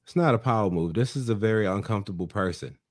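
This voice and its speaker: A man's voice: lowish voice, quick pace. A man co-hosting a casual podcast, recapping a reality show and acting out other people's lines in shifting voices. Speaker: podcast co-host.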